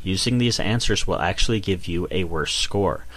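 Deep-voiced man, measured and explanatory. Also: fairly bright tone. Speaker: IELTS examiner. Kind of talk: scripted explanation.

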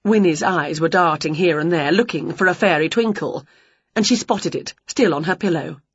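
A woman reading a children's picture book aloud, expressive and playful, acting out the sounds. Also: lowish voice, normal speed, slightly rough, no room sound, dull audio. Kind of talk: storybook read-aloud.

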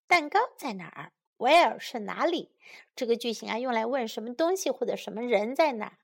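A woman from China reading a storybook to children and then teaching its English phrases, gently repeating them. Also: fairly high pitch, animated, fairly quick, vocal fry. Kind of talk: bilingual storybook reading and English lesson for kids.

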